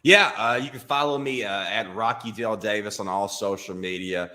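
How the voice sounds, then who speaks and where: Male comedian, Alabama drawl, lowish voice with a bright edge; dry, self-mocking storyteller. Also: normal speed. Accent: Southern US, Alabama. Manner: deadpan self-mocking tall-tale telling. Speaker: comedian guest. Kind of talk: casual storytelling interview.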